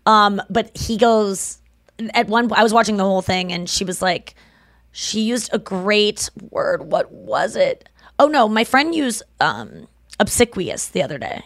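A woman's voice: medium pitch, sing-song, a little slow, a bit bright, no room sound, clean studio sound. Chatty laughing woman podcast host. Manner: chatty, laughs often, rambling. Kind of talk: casual chat.

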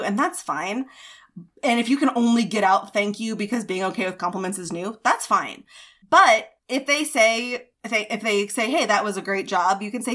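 A woman's voice: medium pitch, expressive, normal speed, fairly bright tone. A woman in her thirties co-hosting a podcast, giving casual advice in a chatty way with many fillers and acted-out quotes. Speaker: podcast co-host.

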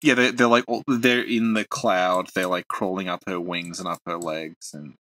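A man's voice: deep voice, fairly even intonation, moderate pace, sharp tone, dry recording. A man co-hosting a casual podcast about game lore, talking in a hesitant way with lots of fillers and restarts. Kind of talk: casual chat.

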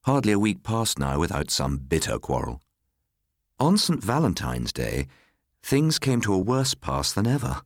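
A man reads a ghost story in a very deep voice that stays lively and expressive. His telling is measured and melancholy. The sound is close and dry. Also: no echo. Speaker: narrator. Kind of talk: scripted ghost story reading.

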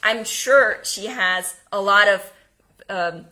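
A woman giving an energetic homeschooling lesson, speaking emphatically and now and then dropping to a whisper. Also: medium pitch, slow pace. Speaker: homeschooling teacher. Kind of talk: instructional talk.

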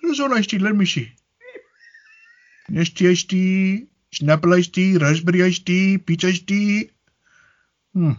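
A man's voice: high voice, a little slow, pauses often, lo-fi sound. A man putting on the voice of a chatty male shop clerk who lists drinks in a sing-song way. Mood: helpful.

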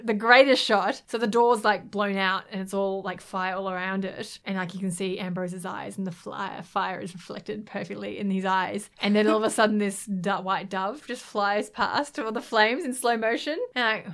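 Aussie woman rambling through a movie recap, lots of likes and laughs, mid pitch. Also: moderate pace, hardly any pauses. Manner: animated retelling with frequent laughs and "like". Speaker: podcast co-host. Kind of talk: casual movie recap chat.

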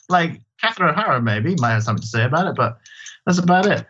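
A man who performs in drag, chatting as an interview guest in an animated, self-deprecating way. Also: fairly high pitch, very fast, husky, muffled recording. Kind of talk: casual interview chat.

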